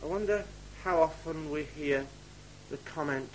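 A man preaching a sermon, reading scripture aloud in old wording and dropping to quiet asides to the congregation. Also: a little high, a little slow, slight background noise, rough recording.

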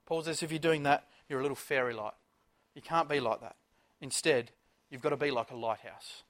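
A man preaching a sermon, passionate, firing rhetorical questions and swinging between loud and soft. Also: medium pitch, fairly quick. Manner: impassioned, rhetorical questions, big swings in loudness.

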